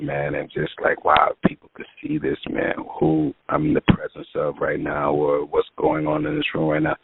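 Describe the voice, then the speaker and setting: Man, very low voice, rambling storyteller, phone-like sound, dry. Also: gravelly, no echo. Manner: rambling anecdotes with many fillers. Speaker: music producer guest. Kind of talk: casual storytelling interview. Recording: tinny phone-line sound.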